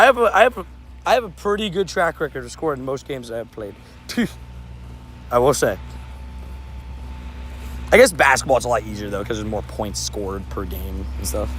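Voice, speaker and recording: A young man streaming, telling sports stories in a casual, animated way, laughing and repeating himself. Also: medium pitch, normal speed, pauses often, soft background music. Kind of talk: casual livestream storytelling.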